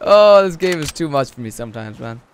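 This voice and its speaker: A young man streams his gameplay with an animated, swooping voice, dropping to low mutters and leaping into high yelps and shouts. Clear gunfire and clicking from the game run behind him. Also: a little hiss or hum. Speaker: gaming streamer. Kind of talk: live gameplay commentary.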